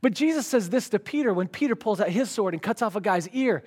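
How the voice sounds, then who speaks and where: High-voiced man preaching an animated sermon. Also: slightly rough. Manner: animated storytelling, reads scripture slowly then paraphrases casually; energetic, voices the crowd and the Pharisees in his retelling. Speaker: pastor.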